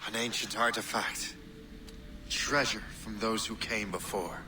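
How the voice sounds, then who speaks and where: An actor playing a calm, scheming man who seeks an ancient artifact in a video game. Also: lowish voice, a little slow, close to an everyday voice. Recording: distant game audio with faint noise.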